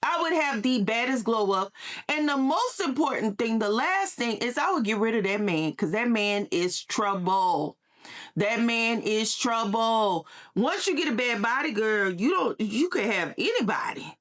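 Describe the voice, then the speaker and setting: A woman's voice: a little high, big pitch swings, normal speed, fairly bright tone. A woman talking in a sassy, emphatic commentary style, often repeating her points. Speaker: social media commentator. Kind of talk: casual gossip commentary.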